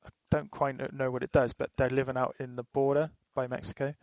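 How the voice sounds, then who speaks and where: Casting note: man, podcast co-host, loose swearing chatter, flat tone, dry close sound. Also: medium pitch, quick pace, dry recording, highs cut off. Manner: rambling, swears freely, laughs while retelling. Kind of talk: casual chat.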